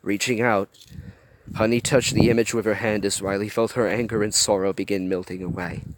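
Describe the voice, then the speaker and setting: A man's voice: fairly low pitch, steady tone, brisk. A man reading a fan story aloud in an earnest way, with chatty asides to his viewers. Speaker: story reader. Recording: clear background noise.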